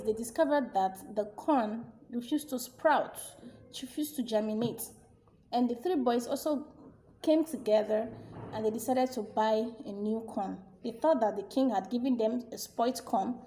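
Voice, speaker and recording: Mellow, expressive woman storyteller. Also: on the high side. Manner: animated, expressive. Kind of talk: storytelling narration.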